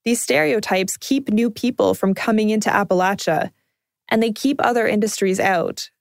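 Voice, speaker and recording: A woman with a Canadian accent, calmly telling a personal documentary story in scripted narration. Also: mid-range voice, normal speed, vocal fry, dry recording. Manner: calm, reflective storytelling.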